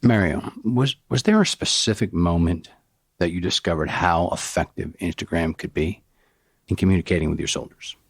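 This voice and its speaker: A man's voice: low voice, normal speed, husky, dry recording, studio quality. An older man hosting an interview, asking questions and teasing the guest with jokes. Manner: joking, teasing. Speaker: podcast host. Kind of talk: casual interview chat.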